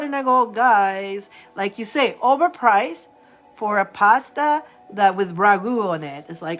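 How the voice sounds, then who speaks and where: A woman's voice: medium pitch, animated, a little slow, a bit bright, soft background music. A woman from Italy hosting a live tarot stream, chatting casually with viewers, laughing often and greeting them by name.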